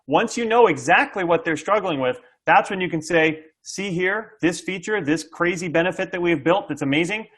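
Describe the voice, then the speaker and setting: A man's voice: high voice, expressive, normal speed, hardly any pauses, fairly bright tone. A middle-aged man, a sales coach, explaining sales tactics to an interviewer with energy, acting out buyer dialogue and often checking in with "okay?". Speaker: SaaS sales coach, guest.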